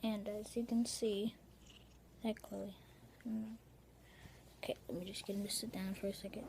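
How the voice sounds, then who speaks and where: A woman chatting casually in a home video, showing her pet and rambling with breathy asides and self-corrections. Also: mid-range voice, little pitch movement, normal speed, noisy background.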